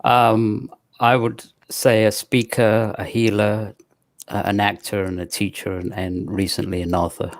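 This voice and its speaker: Man, British accent, low voice, flat delivery, hesitant with restarts, dry close sound. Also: no echo. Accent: British English. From Pakistan. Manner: halting, full of pauses and restarts. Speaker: podcast guest. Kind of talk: casual interview talk.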